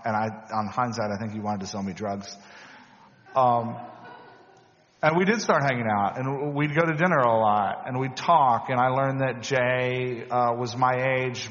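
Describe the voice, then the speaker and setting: A man preaches in a conversational storytelling style, slipping into quoted dialogue and poking fun at himself. His voice sits at an ordinary male pitch. The recording is somewhat muffled and lo-fi, with long reverb from the church hall. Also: a bit bright. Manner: conversational, acts out quoted dialogue, self-deprecating. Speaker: pastor. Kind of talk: sermon storytelling.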